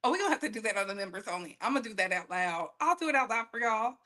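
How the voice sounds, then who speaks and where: Female gossip streamer with a high, bright voice; animated, chatty, laughs a lot. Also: racing. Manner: animated, laughs often, talks straight to her chat. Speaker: gossip livestream host. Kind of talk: casual livestream gossip chat.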